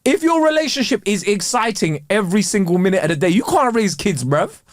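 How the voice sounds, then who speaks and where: High, lively guy ranting. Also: a little fast, dry recording. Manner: animated comic ranting, loud and emphatic. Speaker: podcast co-host. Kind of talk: casual chat.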